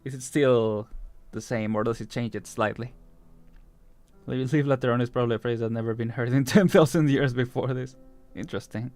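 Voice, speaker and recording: A man's voice: mid-range voice, brisk, a little mellow, soft background music. A male VTuber streamer chatting casually and curiously as he reads a game story, laughing often. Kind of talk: casual livestream commentary while reading a game.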